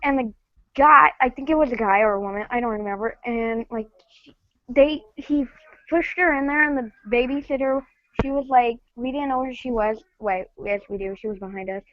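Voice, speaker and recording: Halting woman caller, muffled line. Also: a little high. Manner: hesitant, halting, many fillers. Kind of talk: casual phone-in storytelling. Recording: muffled lo-fi audio.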